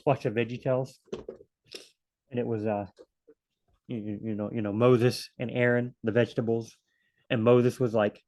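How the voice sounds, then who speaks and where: Man, casual bible study teacher, rambling, self-correcting, mid-pitched voice. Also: fairly even intonation, measured pace, pauses often, a little mellow.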